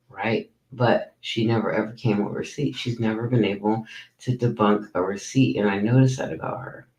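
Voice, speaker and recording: A man's voice: fairly low pitch, moderate pace, roomy sound, faint music behind, low-quality recording. Worn-out man ranting with heat. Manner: animated, profane, incredulous ranting. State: tired. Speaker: commentary channel host. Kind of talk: casual ranting commentary.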